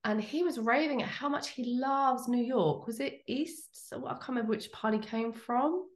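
A woman's voice: on the high side, moderate pace, echoey room. A woman co-hosting a casual podcast chat, telling stories in a rambling, chatty way. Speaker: podcast co-host.

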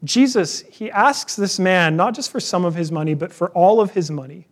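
High-voiced man preaching conversationally. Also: moderate pace. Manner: conversational, storytelling with personal anecdotes. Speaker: pastor. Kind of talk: sermon.

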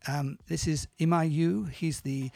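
A man talking in a casual interview, telling stories in a halting, self-correcting way and acting out the quotes. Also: on the high side, fairly even intonation, vocal fry, a little mellow, dry recording. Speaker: interview guest, musician and producer. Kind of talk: casual storytelling in conversation.

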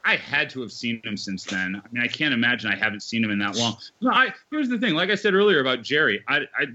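A man's voice: medium pitch, big pitch swings, quick pace, pushed and bright, muffled recording, a little hiss or hum. A man guesting on a podcast, a former magazine editor and band manager, telling stories bluntly and emphatically with many restarts. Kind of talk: casual storytelling chat.

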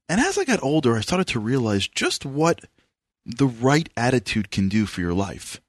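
A man from New York hosts a radio interview, speaking with a New York accent. His delivery is animated and emphatic, with a very lively swinging pitch. The sound is dry and close, with no room around it. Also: moderate pace, no room sound. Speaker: radio show host.

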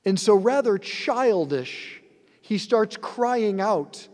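A man's voice: high-pitched, expressive, slow pace, darkish tone. A man, a priest, giving a sermon in an earnest, conversational way with rhetorical asides. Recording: long hall reverb.

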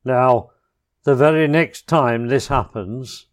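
A man voicing a gruff old badger. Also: medium pitch, takes it slowly, lightly acted. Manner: gruff, then fatherly.

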